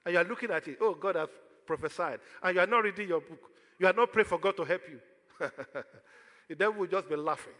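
A man's voice: sits high, fast, a bit bright, big-room sound. A man with a Nigerian accent preaching a sermon as pastor, throwing questions out to the congregation for them to answer.

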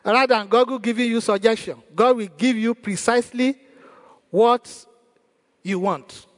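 A man's voice: very high voice, unhurried. A male pastor preaching a sermon in a church hall, emphatic and repeating his key phrases. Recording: long church hall reverb.

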